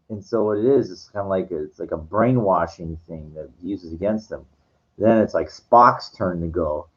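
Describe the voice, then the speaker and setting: A man with a very deep voice retells a film scene in a loose, casual way. He rambles, restarts sentences and leans on fillers. The recording sounds dull and lo-fi. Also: normal speed. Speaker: vlogger.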